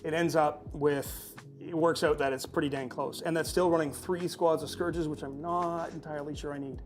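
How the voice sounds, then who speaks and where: Male stream host, fairly high voice, chatty and jokey, faint music under him. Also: fairly even intonation, moderate pace. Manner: chatty, jokey, thanks viewers. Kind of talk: casual chat.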